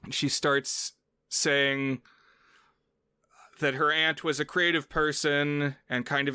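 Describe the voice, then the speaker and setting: A man's voice: a little high, pushed and bright, smooth, no room sound, clean studio sound. A man co-hosting a film podcast, chatting casually and explaining at length with playful asides. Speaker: podcast co-host.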